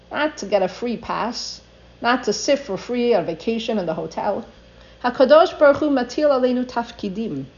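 Earnest older woman, dull lo-fi recording. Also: a little high. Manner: earnest, reads passages aloud then translates them. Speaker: Torah teacher. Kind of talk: religious talk with translation.

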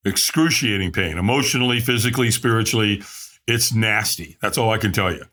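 A middle-aged man, a podcast guest, telling his own story candidly and animatedly, acting out the voices of people he quotes. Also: a little fast. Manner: animated, acts out quoted voices with big pitch jumps.

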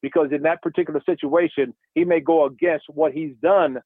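A baseball broadcaster who used to play catcher talks the game in casual radio chat, acting out old exchanges as he tells animated stories. His voice is fairly high and fairly quick, and it comes over a dry, phone-like radio line with no echo.

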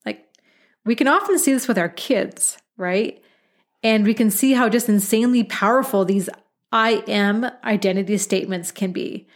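A woman's voice: medium pitch, normal speed. A woman in her thirties hosting her own coaching podcast, talking in a candid, chatty way with the odd mild swear word. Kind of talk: casual podcast monologue.

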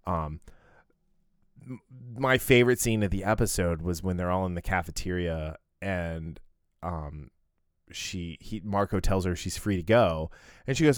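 A man's voice: low-pitched, normal speed, smooth, no echo, clean studio sound. A man co-hosting a podcast, recapping an episode in loose casual chat full of restarts and fillers. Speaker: podcast co-host.

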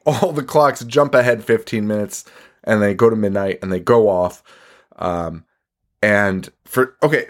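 A man hosting a podcast, recapping a movie in casual chat, swearing a lot, laughing often and rambling. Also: mid-range voice. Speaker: podcast host.

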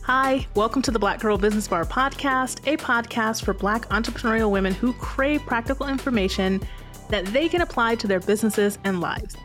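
A woman's voice: fairly high pitch, fairly quick, music in the background. A woman hosting her own podcast, talking solo to her listeners in a chatty, playfully sarcastic way. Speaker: podcast host.

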